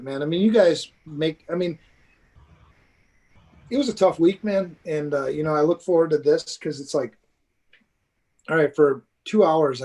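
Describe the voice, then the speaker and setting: A man co-hosting a podcast in casual chat, talking earnestly and at length, with casual swearing. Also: fairly high pitch. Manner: earnest, rambling, profane. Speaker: podcast co-host.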